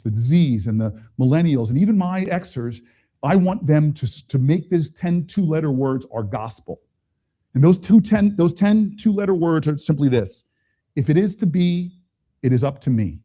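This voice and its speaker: A man's voice: fairly high pitch, dark tone. A middle-aged man, a politician, telling stories in a speech at a town hall, with quoted voices and chuckles.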